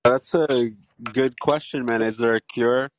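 A young man co-hosting a podcast, chatting in a relaxed way and saying "like" a lot. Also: medium pitch, a little slow. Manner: relaxed, heavy use of "like". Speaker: podcast co-host. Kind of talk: casual chat.

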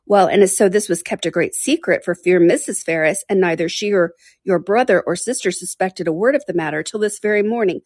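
A woman's voice: lowish voice, fairly quick, few pauses, a little mellow, breathy edge, dry recording, studio quality. A woman reading aloud, voicing a garrulous, gossiping older woman in an audiobook. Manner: breathless chatty gossip, exclaiming often. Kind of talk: audiobook character voice.

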